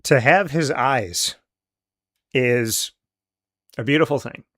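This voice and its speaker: Heartfelt, halting man in his forties. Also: medium pitch, fairly bright tone. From central New York. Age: 40s. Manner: heartfelt, halting, openly emotional. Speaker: host. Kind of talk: casual talk show monologue.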